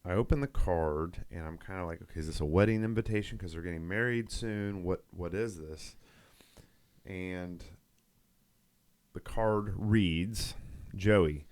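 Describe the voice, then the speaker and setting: A man's voice: low voice, measured pace, a little mellow, dry recording. A middle-aged man, a nurse who co-hosts a podcast, telling a long story in casual chat, rambling with restarts and quoted dialogue. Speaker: podcast co-host.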